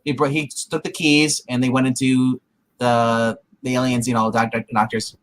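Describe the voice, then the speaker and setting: A man's voice: mid-range voice, little pitch movement, normal speed, low-quality recording. A man co-hosting a casual show, recapping a TV episode in a rambling way with many restarts. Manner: rambling, many restarts, quotes characters with laughs. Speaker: podcast co-host.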